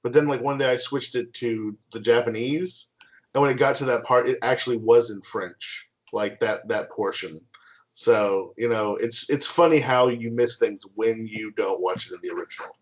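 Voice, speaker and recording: A man co-hosting a podcast, chatting casually with lots of fillers and halting starts. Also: mid-range voice. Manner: filler-heavy, hesitant. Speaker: podcast co-host. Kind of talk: casual chat.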